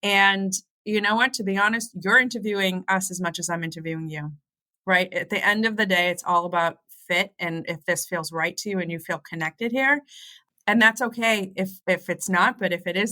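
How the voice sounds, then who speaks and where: A woman's voice: fairly low pitch, sharp tone. A woman working in private school admissions, speaking casually on a panel and filling her talk with "you know". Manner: friendly, laughs easily, fillers like "you know". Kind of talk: panel discussion.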